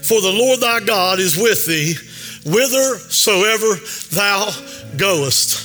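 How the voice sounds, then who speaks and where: A pastor preaching a sermon in a church, with a sing-song cadence and repeated calls to the congregation. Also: male voice, sits high, animated, takes it slowly, bright, forceful tone. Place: church sanctuary. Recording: long hall reverb with faint music.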